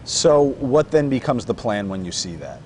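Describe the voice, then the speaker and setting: A man's voice: medium pitch, lively intonation, moderate pace, darkish tone, slight background noise. A male interviewer asking short questions and giving brief acknowledgements.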